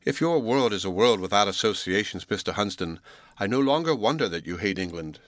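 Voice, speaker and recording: A spirited young woman teacher, as a male narrator puts her on, lifting his voice a little higher. She argues with earnest, defiant emphasis, close and dry. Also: animated, brisk, a bit bright, no echo.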